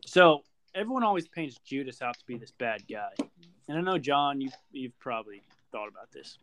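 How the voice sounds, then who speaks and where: A young man co-hosting a podcast in casual chat, explaining a theory with animated, laughing energy. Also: medium pitch, normal speed, a little hiss or hum. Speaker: podcast co-host.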